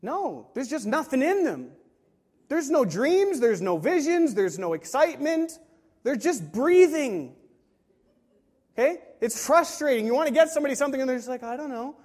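Male pastor, high voice, emphatic delivery, long hall reverb, sermon. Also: sing-song, normal speed, darkish tone. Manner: emphatic, rhetorical questions, acts out quoted voices. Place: large room with a live congregation.

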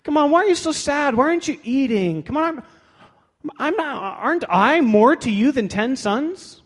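Man putting on a high, whiny husband voice, pleading, long hall echo. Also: animated, moderate pace. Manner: high, wheedling and plaintive.

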